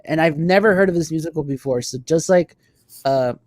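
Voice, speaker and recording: A man co-hosting a casual podcast chat, animated and swearing now and then. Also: a little high, fairly quick, no echo, studio quality. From Texas. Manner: animated, swears, laughs often. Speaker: podcast co-host.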